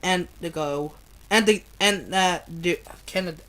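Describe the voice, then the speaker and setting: Slow, stumbling woman reading aloud. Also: on the low side, fairly bright tone. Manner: stumbles over hard words, swears and laughs at herself. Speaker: amateur reader. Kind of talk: reading a book aloud, livestream.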